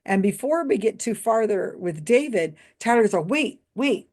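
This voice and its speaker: A woman's voice: mid-range voice, expressive, normal speed, a little mellow. A woman who works in mentalism, giving a casual commentary monologue, amused and laughing often as she retells what she saw. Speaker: YouTube commentator.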